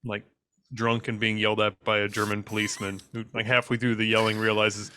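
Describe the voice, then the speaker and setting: A man's voice: on the low side, little pitch movement, a little fast, pushed and bright, a little hiss or hum. A man in an easygoing podcast conversation, swearing casually and drifting into long, rambling anecdotes. He laughs along with his co-host and keeps the tone loose. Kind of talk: casual chat.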